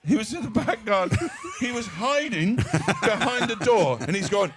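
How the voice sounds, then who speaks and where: A middle-aged man, a comedian guest on stage at a live event, telling long animated anecdotes and acting out other people's voices. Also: sits high, measured pace, hardly any pauses, a crowd in the background. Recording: echoey live stage sound.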